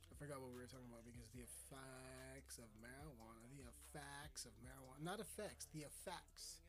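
A man hosting his own podcast, rambling and joking with lots of swearing. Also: mid-range voice. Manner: rambling, profane, jokey. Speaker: podcast host. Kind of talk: casual solo podcast chat.

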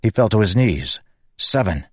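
A man with a low, deep voice reads an action scene in a measured, dramatic audiobook style. The recording is dry and close to the mic, with no room sound. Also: expressive, breathy edge, dry recording. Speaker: narrator. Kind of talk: audiobook narration of fantasy fiction.

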